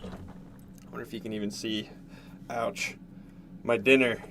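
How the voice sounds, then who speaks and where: A man from Canada, streaming casually from home while eating, jumping from loud yelps to low mumbles. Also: measured pace, noisy background. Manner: excitable, jumps to loud yelps then mumbles. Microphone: desk mic, no headset.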